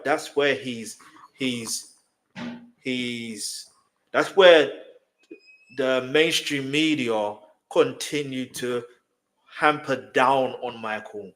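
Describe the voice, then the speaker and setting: A man's voice: medium pitch, a bit bright. A man hosting a reaction video, chatting casually and often checking that the listener follows. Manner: chatty, repeats himself, asks if you follow.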